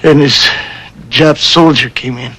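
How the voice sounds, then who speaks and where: An older man, a war veteran, telling his memories in a documentary interview with plain, unhurried storytelling. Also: medium pitch, fairly even intonation, sharp tone, slightly rough, rough recording.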